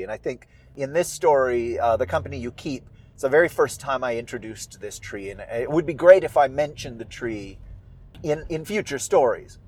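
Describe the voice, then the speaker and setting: A man who writes and performs audio stories, talking about his work in a casual, reflective monologue. He muses aloud and sounds animated and amused with himself. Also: mid-range voice. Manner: musing, animated, self-amused.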